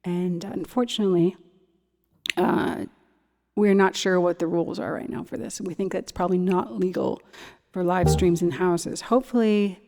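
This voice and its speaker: Faint music and long hall reverb fill the recording as a woman from Ontario, Canada, aged roughly thirty to forty-something, chats casually between songs as host and singer of a cabaret livestream. Her voice sits on the low side, gravelly and mellow, with a steady tone and moderate pace, and she rambles and restarts sentences.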